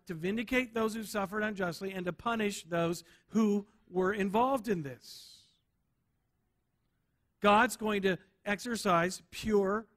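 Preaching a sermon, this bright, high-voiced male pastor from the United States hammers key words through repetition. He keeps tossing rhetorical "right?" checks to the congregation.

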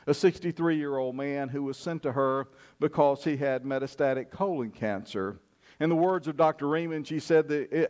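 A male pastor delivering a sermon from a church pulpit. He tells a long story at an unhurried pace, filling gaps with "uh", and slows down to let key lines land. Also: mid-range voice, a little mellow. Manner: storytelling with frequent "uh" pauses, slowing for emphasis. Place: church sanctuary.

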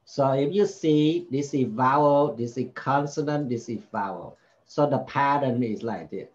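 A man's voice: mid-range voice, unhurried, a little mellow, highs cut off. A man tutoring a child in spelling, patiently repeating each word and sounding out its vowels. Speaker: home tutor.

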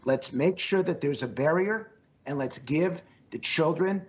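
A man's voice: fairly high pitch, unhurried, muffled recording. Earnest man with a strained voice. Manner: earnest, emphatic, repeats phrases. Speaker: pollster guest. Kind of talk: remote interview answers.

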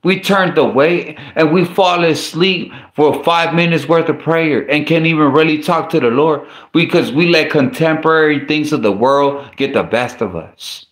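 A man's voice: a little high, normal speed, hardly any pauses. A man preaching in a loose, conversational way, often restarting his words and throwing in slang asides. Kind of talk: casual sermon. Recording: roomy echo.

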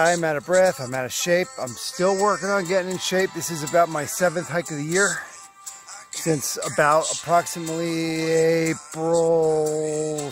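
Slow-talking man rambling on a hike. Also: a little high. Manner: rambling, joking self-talk. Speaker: vlogger. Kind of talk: casual hiking vlog. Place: outdoors on a forest trail.

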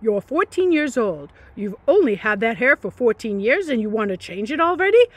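A woman reading aloud, voicing an exasperated father who scolds loudly. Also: fairly high pitch, sing-song, normal speed, dry recording. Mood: ranting. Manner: loud, scolding. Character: exasperated ranting middle-aged dad.

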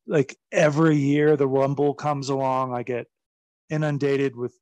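A man in a casual interview, telling a story loosely, swearing freely and acting out other people's excited exclamations. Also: medium pitch, moderate pace, dry recording. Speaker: podcast guest.

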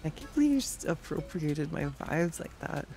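A casual gaming streamer who chats with viewers while playing. The voice sits at a middling pitch with a steady gravelly fry, and the delivery stays sarcastic and easily exasperated. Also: normal speed. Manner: chatty, sarcastic, reacting to gameplay and chat.

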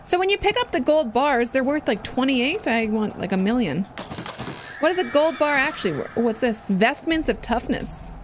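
High-voiced swearing woman streamer. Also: very animated, moderate pace, a little hiss or hum. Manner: swearing, thinking aloud. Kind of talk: casual gaming commentary.

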